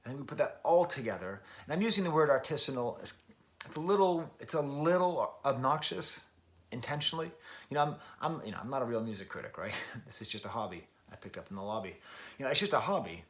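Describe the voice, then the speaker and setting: A man in his forties talks through an album review in a loose, unscripted way, full of restarts and self-mocking laughs. His delivery swings widely, loud and emphatic one moment and low and muttering the next. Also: expressive, fast talker. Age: 40s. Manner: rambling and self-deprecating, with frequent laughs and restarts. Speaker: music review vlogger. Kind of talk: casual spoken record review.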